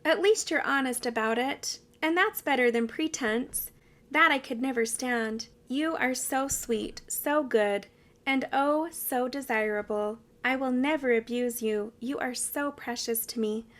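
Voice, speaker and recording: A woman reading the lines of a tender, devoted pioneer husband in a storybook, soft and pleading. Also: sits high, a little slow.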